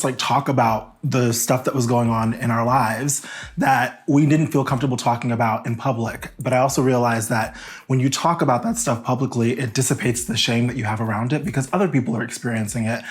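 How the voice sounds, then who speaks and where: A man's voice: mid-range voice, brisk. A man, a talk show guest, speaking earnestly and openly in casual chat. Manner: earnest, open, laughs easily.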